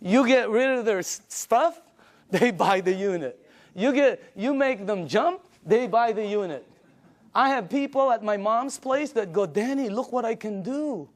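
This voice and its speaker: An older man giving an emphatic, energetic sales presentation, retelling phone conversations with friends. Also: high voice, measured pace. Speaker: business presenter.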